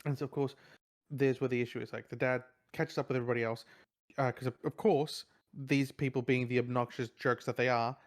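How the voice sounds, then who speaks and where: A man's voice: mid-range voice, steady tone, brisk. Man rambling through a film recap. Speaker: podcast co-host. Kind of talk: casual chat.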